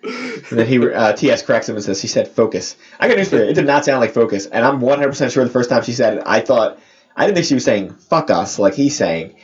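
A man talks quickly in loose, joking podcast chat, piling up filler words as he rambles along. His voice sits at a middle pitch. The recording sounds dull and lo-fi. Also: sing-song. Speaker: podcast co-host. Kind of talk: casual chat.

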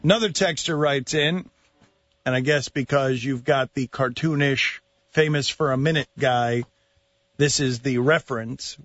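A man's voice: medium pitch, a little slow, a bit bright, no echo, muffled recording. A man hosting a talk radio show, teasing his guest and laughing often. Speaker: radio host.

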